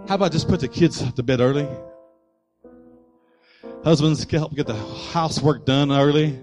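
A man's voice: a little high, normal speed, darkish tone, faint music behind. A man preaching a sermon as pastor, with rising and falling emphasis and acted-out voices.

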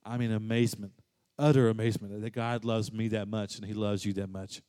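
A man preaching a sermon as pastor. He moves between soft, low passages and loud, emphatic rises. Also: flat delivery, a little fast.

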